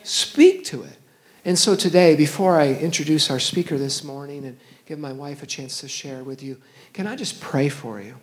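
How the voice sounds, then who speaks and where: Fervent pastor praying in an echoey church. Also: male voice, on the high side, moderate pace. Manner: fervent, declaring prayer. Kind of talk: sermon prayer. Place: church sanctuary.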